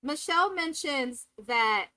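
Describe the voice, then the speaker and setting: A woman's voice: high voice, animated, slow pace, sharp tone, no room sound, poor audio. A woman hosting a live reality TV recap, talking candidly and profanely and acting out cast members' lines. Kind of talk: live casual review commentary.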